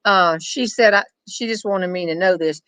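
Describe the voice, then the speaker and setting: An older woman, chatting and storytelling on a back porch, wry and quick to laugh. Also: lowish voice, fairly bright tone, no room sound, low-quality recording. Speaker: storyteller host reading viewer questions. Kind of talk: casual chat with a friend.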